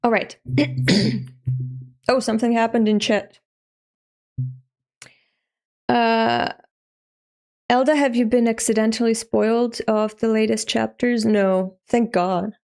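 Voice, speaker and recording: A woman in her thirties from Europe talks to her live stream in a loose, chatty way. She laughs often and swears offhand. Her voice carries a gravelly fry. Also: a little high, fairly even intonation, slow pace, long pauses, a little mellow. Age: 30s. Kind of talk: casual live-stream chat.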